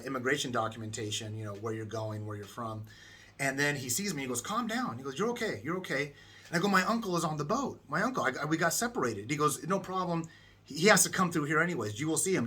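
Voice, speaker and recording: A man's voice: mid-range voice, slightly rough. A middle-aged man from the United States, telling a travel story casually and acting out the people in it. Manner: animated, acts out voices of people in the story.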